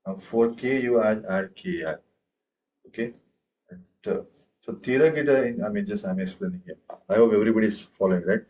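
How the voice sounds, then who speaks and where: Brisk and lowish, with a darkish tone, a man runs a tabla class for the students around him; the audio is dull. He keeps his patience, checks in with "okay" and "right?", and chants rhythm syllables so the class can follow.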